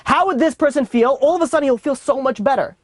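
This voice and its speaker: A man's voice: extremely high pitch, fast talker, dry recording, studio quality. A man with a New York accent teaching an informal Torah class in a casual, chatty way full of fillers and restarts. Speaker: rabbi teaching a weekly class.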